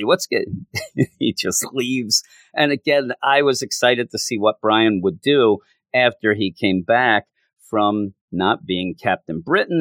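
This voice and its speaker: A man giving a casual spoken comic book review, exasperated and often mocking the characters, his pitch jumping high when frustrated. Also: fairly bright tone, no room sound.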